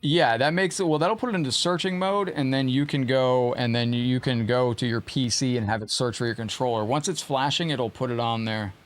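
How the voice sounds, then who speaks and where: A man's voice: medium pitch, a little fast, hardly any pauses. A man streaming a fighting game live, commenting on the match and chatting casually with viewers in the chat.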